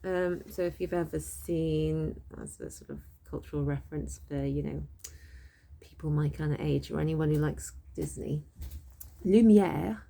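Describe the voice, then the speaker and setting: Woman, middle-aged, French teacher, gravelly low voice, mellow tone, chatty step-by-step explaining. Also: a little slow. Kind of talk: casual online language lesson.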